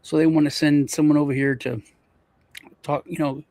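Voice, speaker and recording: Gravelly-voiced man rambling in casual chat. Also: on the high side, flat delivery, moderate pace, dark tone, dry recording. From Europe. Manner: rambling, repeats words, stumbles through restarts. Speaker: co-host.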